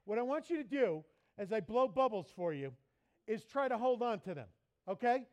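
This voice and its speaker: A man preaching in a church as pastor, lively and playful, mimicking people for laughs. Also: high-pitched, moderate pace. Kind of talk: sermon.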